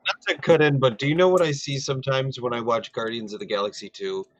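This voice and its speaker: A man's voice: medium pitch, fairly even intonation, quick pace, no echo. A man playing a tabletop game, chatting in a jokey way. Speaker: player. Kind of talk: casual chat.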